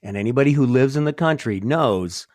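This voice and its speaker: Podcast co-host, man, mid-pitch, blunt, keeps asking questions, dry close sound. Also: expressive, a little mellow, no echo. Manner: blunt, quick to question and joke. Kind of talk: casual chat.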